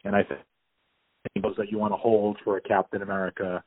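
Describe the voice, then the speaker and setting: Low-voiced man, tinny phone-like sound. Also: flat delivery, brisk, dry recording. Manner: enthusiastic, rambling with many fillers and restarts. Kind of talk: casual movie discussion.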